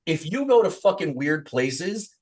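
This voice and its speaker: At a measured pace, a podcast co-host with a slightly high voice keeps the casual talk animated. He curses heavily and drifts into mocking impressions.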